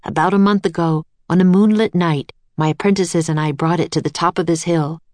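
A confident, determined old inventor from a storybook, speaking slowly and grandly in a lowish voice, as a woman reads his lines. The recording is dry and close. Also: steady tone, darkish tone, dry recording, natural voice. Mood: proud.

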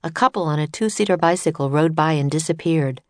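A woman's voice: sits low, a little fast, a little mellow, no echo. Woman reading a storybook aloud. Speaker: narrator.

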